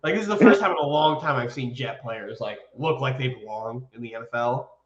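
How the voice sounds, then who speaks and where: A man co-hosting a podcast, telling sports stories in a casual, excitable way and swearing freely. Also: medium pitch, a little fast, echoey room, dull audio. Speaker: podcast co-host.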